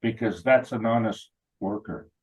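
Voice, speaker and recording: A man's voice: lowish voice, moderate pace, slightly rough, rough recording. A man chatting casually, telling rambling anecdotes full of "you know" and acting out other people's lines. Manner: acts out quoted dialogue in funny voices. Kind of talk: casual chat.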